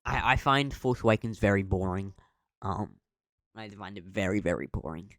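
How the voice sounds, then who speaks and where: Young man, low-pitched, halting and rambling, casual podcast chat, dry close sound. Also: fairly bright tone, dry recording. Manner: rambling, halting, with many ums and restarts. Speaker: podcast co-host.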